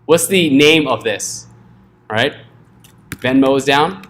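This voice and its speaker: A man's voice: medium pitch, lively intonation, slow, a bit bright, a little hiss or hum. Casual joking coding instructor, man. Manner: casual, joking, checks in with "right?" often. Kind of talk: live classroom coding lesson.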